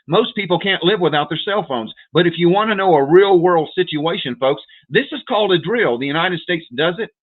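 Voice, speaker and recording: A man's voice: sits high, expressive, fairly quick, hardly any pauses, husky. A man hosting a livestream, lecturing viewers in an urgent, repetitive way and calling them "folks" over and over. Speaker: prepper livestream host. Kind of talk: direct-to-viewer livestream rant. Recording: tinny phone-like audio.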